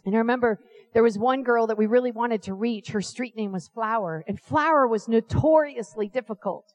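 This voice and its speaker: A woman preaching a sermon, telling stories with lively asides and acting out the voices of people she quotes. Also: fairly high pitch, a little fast. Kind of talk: animated sermon storytelling.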